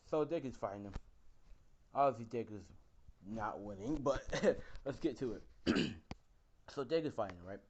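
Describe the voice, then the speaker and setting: A man's voice: mid-range voice, lively intonation, normal speed, pauses often, muffled recording. A young man casually improvising a fan story, rambling with lots of fillers and the odd swear.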